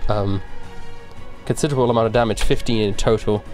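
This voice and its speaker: A man's voice: lowish voice, fairly even intonation, a little fast, a little mellow, soft background music. A man running a tabletop game as game master, casually describing the action and the rules.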